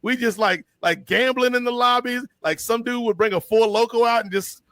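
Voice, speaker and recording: A man co-hosting a podcast, telling stories in an animated, slangy way. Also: extremely high pitch, normal speed, no room sound. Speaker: podcast co-host. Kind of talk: casual storytelling chat.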